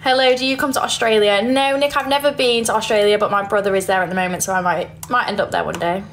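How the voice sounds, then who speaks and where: A woman's voice: mid-range voice, fairly even intonation, fast, a little hiss or hum. A young woman with a Yorkshire accent, chatting casually on a livestream, reading viewer comments and giggling often. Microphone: phone.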